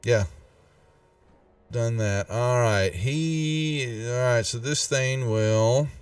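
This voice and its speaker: A man narrating as game master in a live-streamed tabletop game, halting and restarting as he checks the rules. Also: mid-range voice, smooth, far from the mic, soft background music. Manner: halting, with many restarts and fillers.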